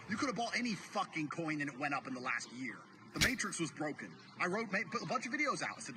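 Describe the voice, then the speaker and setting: A man's voice: fairly high pitch, very animated, fast, big-room sound, background noise. A man in a played video delivering a brash, profane, mocking rant that lectures the listener. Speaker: online personality in a played video. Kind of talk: ranting monologue.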